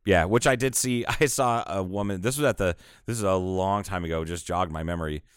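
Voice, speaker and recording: A man in casual chat, telling bar stories with lots of swearing and animated quotes. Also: low-pitched, fairly quick, clear, resonant tone, no echo, studio quality. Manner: swearing storyteller, animated quoting.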